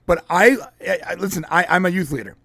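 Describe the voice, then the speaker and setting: Lively high-voiced male podcast host. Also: fast talker, dry recording. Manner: animated storytelling, lots of restarts. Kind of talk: casual chat.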